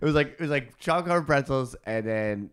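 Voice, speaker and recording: A man's voice: mid-range voice, lively intonation, fast, smooth. A man on a casual podcast, teasing his friends and swearing freely. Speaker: podcast co-host. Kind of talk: casual chat.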